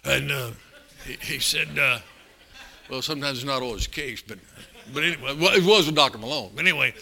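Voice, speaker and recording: An older man preaching a sermon, telling stories in a folksy, animated way with sudden loud bursts. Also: mid-range voice, fairly quick, creaky. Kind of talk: storytelling sermon.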